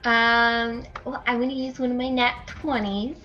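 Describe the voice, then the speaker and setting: A woman playing in a tabletop game, talking slowly and hesitantly with many ums. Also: fairly high pitch, steady tone, lo-fi sound, soft background music. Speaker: player. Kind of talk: casual tabletop play.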